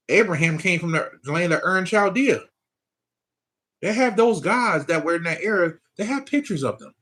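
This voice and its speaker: This man's voice is fairly high, with a bright, pushed tone. As a spiritual teacher, he delivers a relaxed, rambling talk to viewers, frequently laughing, tossing in "you know what I'm saying" and asking whether they follow him.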